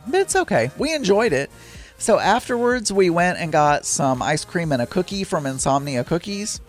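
A middle-aged man telling a rambling, chatty story with exasperated asides. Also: a little high. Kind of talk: casual storytelling monologue.

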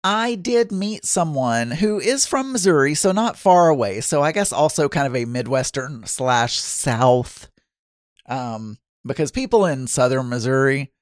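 Recorded at studio quality with no room sound, a medium-pitched man from Arkansas hosts his casual solo podcast. He reads listener messages aloud, chatty and self-deprecating, with frequent laughs and restarts.

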